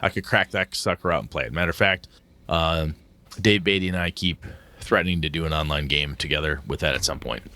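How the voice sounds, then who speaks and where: Deep-voiced blunt middle-aged man. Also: fairly quick, bright, forceful tone, dry recording. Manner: blunt and emotional, swears freely. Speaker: podcast co-host. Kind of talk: casual chat.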